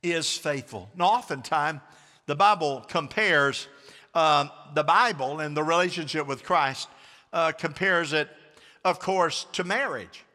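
A pastor preaching to his congregation in a church, his voice bright and forceful and set a little high for a man. He calls out to the people and has them repeat lines back to him. A long reverb hangs on every phrase. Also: measured pace. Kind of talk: sermon.

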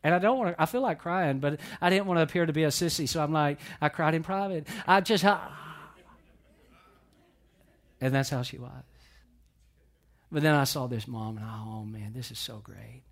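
A man with a fairly high voice preaches to his congregation. He tells stories with lots of repeated, restarted phrases. His delivery swings from loud emphasis to soft, almost whispered lines. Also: a little fast. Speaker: pastor. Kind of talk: sermon.

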